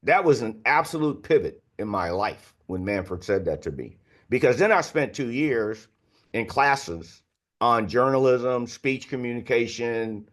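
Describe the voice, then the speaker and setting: A man's voice: medium pitch, animated, a little slow. A man in his sixties, a guest author on a podcast, telling candid anecdotes in a loose, filler-heavy conversational way. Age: 60s. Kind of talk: podcast interview storytelling.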